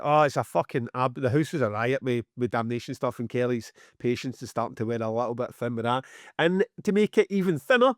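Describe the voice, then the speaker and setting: A middle-aged Scottish music promoter, co-hosting a podcast, tells a story in casual chat, swearing heavily and acting out both sides of the dialogue with animation. His medium-pitched voice comes through in studio quality with no room sound.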